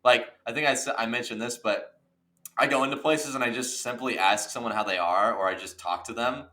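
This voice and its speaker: A man's voice: mid-range voice, brisk, bright, forceful tone. A man co-hosting a podcast, telling rambling funny stories in casual chat. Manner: joking, rambling storyteller. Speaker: podcast co-host.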